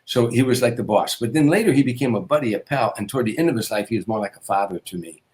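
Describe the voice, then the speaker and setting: An older man, a comedian, telling anecdotes in an interview, with repetitions and quick restarts. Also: mid-range voice, animated, darkish tone. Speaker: guest comedian. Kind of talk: storytelling interview.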